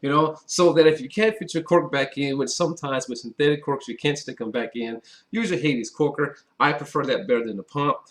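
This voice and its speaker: A man's voice: mid-range voice, a little fast. A man from Wisconsin hosting a casual wine tasting vlog, chatty and upbeat, talking straight to his viewers. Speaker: wine reviewer. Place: indoors at a table with a white background.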